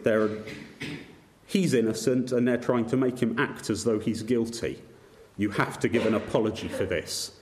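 A man's voice: medium pitch, fairly even intonation, normal speed. A man preaching a sermon, earnest, with frequent restarts and repeated words. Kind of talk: sermon on a psalm.

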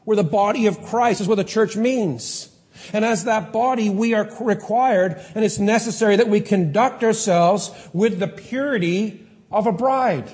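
A man's voice: high voice, unhurried, a little mellow. A man preaching a sermon as pastor, earnest and pleading, in a church. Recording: long hall reverb.

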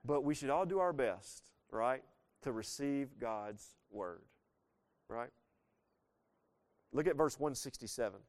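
A man's voice: medium pitch, slow pace, long pauses. A man preaching a sermon as pastor, talking plainly with his congregation and asking them questions as he goes. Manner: conversational, asks the congregation questions; lively preaching with frequent shifts in loudness.

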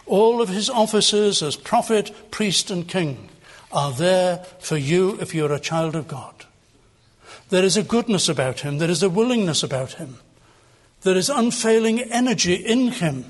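A man's voice: high-pitched, a bit bright. An older man preaching a sermon as pastor, earnest and emphatic, building on repeated phrases.

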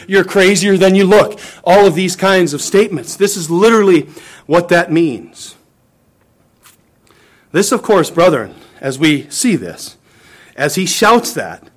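A man's voice: high-pitched, expressive, normal speed. A man preaching a sermon to his congregation, emphatic and dramatic as he quotes scripture. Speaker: pastor.

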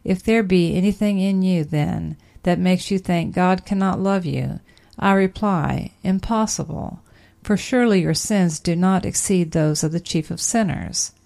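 A woman reading an old sermon aloud in a measured, emphatic preaching manner. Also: fairly low pitch, creaky, a little mellow. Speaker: sermon reader.

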